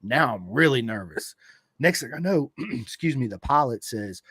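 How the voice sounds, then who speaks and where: A man in casual podcast chat, telling a story with animated acted-out quotes and swearing. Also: measured pace, husky, dry recording. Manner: animated, swearing, acts out quotes with big pitch jumps. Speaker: podcast guest.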